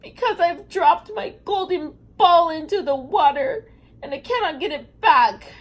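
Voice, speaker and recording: A woman's voice: very high-pitched, expressive, a little slow, voice pushed up. A woman voicing a spoiled young princess who sobs as she begs. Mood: sobbing. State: crying.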